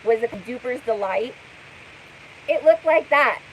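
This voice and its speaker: A high-pitched woman talks casually to camera, rambling with lots of "like" and "um." She sounds skeptical and picks apart what she has seen. A faint hiss sits behind her voice. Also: lively intonation, measured pace, fairly bright tone, low-quality recording. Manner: skeptical, rambling, full of fillers. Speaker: commentator. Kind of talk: casual commentary vlog.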